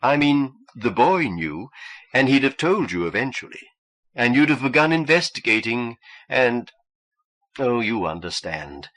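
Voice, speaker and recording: A man reading as a soft-spoken traitor. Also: medium pitch, a little slow, voice pushed up, rough recording. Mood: falsely regretful. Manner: calm, mild, falsely reassuring. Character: smooth, treacherous male cultist. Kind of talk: audiobook reading.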